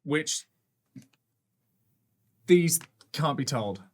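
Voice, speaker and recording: A man playing a tabletop game, working through a plan out loud with hesitant restarts. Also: a little high, lively intonation, drawn-out words. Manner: hesitant, thinking aloud with restarts. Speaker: player.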